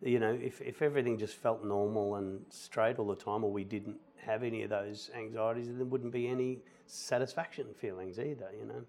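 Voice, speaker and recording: A middle-aged man, a musical theatre actor chatting as a guest and telling animated anecdotes. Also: fairly low pitch, fairly quick, hardly any pauses. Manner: animated anecdotes, quotes people in lively voices. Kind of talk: relaxed storytelling conversation.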